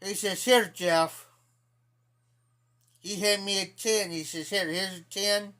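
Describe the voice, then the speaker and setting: A man's voice: high-pitched, fairly even intonation, slow pace, sharp tone. A man with an Ohio accent telling a rambling, profane story to his live-stream chat in a casual way. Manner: rambling, profane, repeats himself.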